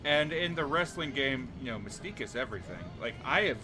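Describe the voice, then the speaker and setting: A laid-back man giving casual gameplay commentary at a middling pitch, dry in his humor. Loud game music runs behind his close mic. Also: lively intonation, fairly quick. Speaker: streamer.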